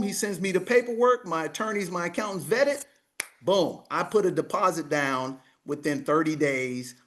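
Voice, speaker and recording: A man in his fifties, a money coach, telling a story as a podcast guest, acting out each exchange and repeating "I said" again and again. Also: on the high side. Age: 50s. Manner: animated, acts out the dialogue, keeps repeating "I said".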